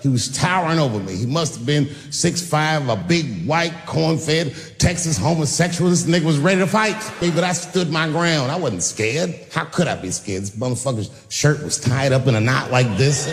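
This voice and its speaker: Guy doing raunchy stand-up on stage, voice all over the place pitch-wise, big echoey hall. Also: normal speed. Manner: profane, animated storytelling with acted-out voices. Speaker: stand-up comedian. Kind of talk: stand-up comedy. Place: stage in a large venue. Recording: long reverb of a big hall with faint ambience.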